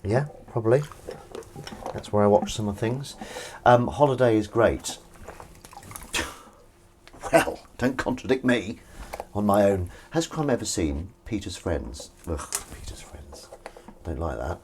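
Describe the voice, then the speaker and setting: A man hosting a chatty livestream from his kitchen as he washes up. His voice is deep, and its pitch jumps around animatedly as he rambles through viewer comments. Faint clicks sit behind him. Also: lively intonation, normal speed, a little mellow, a little hiss or hum. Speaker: livestream host. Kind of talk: casual livestream chat. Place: home kitchen while washing up.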